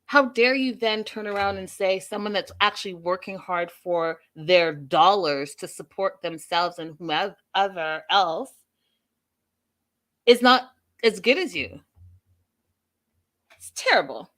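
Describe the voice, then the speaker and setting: An opinionated woman hosts a casual recap, talking straight to her audience. Her voice sits in an ordinary middle register, and she talks with lively feeling. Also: medium pitch. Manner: opinionated, animated, addresses viewers directly. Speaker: host.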